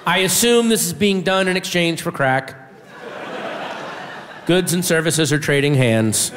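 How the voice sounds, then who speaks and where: A man doing a stand-up comedy set, telling a story with animated delivery and shouting his punchlines. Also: fairly high pitch, unhurried, background noise. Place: comedy club stage with audience. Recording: reverberant room with faint audience.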